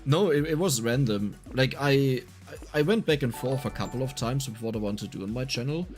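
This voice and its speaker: A man with a German accent chatting casually on a gaming livestream, talkative and quick to get heated. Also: mid-range voice, lively intonation, faint music behind. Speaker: streamer.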